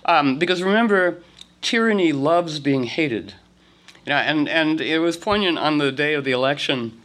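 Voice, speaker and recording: A man's voice: fairly high pitch, lively intonation, normal speed, a bit bright. Rambling man leading a group talk. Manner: rambling, full of "you know" and restarts, laughing. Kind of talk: casual talk to an online group.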